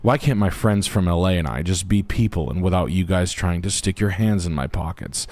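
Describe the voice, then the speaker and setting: Brash, profane man with a low voice. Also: a little fast, darkish tone. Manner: brash, profane, puts on voices while telling stories. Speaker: podcast host. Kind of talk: crude comedic podcast chat.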